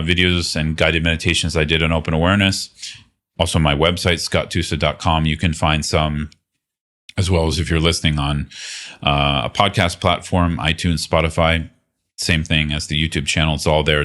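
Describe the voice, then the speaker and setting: Very deep-voiced man teaching meditation. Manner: relaxed, thoughtful, many fillers and restarts. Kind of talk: casual teaching talk.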